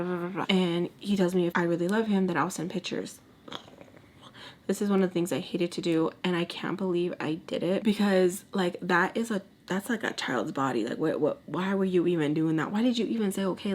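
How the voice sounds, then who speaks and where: A young woman in her twenties telling a candid story in casual storytime style, mixing in Spanish words and acting out quoted lines. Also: medium pitch. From Texas. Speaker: storytime vlogger. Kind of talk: casual storytime while doing makeup.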